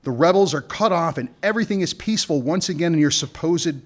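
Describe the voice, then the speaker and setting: A man's voice: fairly high pitch, animated, quick pace, natural voice. An actor playing a confident male weapons smuggler with a dry, teasing way of talking, in an audio drama. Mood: scheming. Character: suave male weapons smuggler, wry and persuasive.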